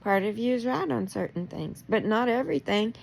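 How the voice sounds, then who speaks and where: A woman's voice: a little high, animated, fairly quick, creaky, a little mellow, a little hiss or hum. A middle-aged woman in a rambling, emotional personal monologue, confronting someone directly and laughing through her anger.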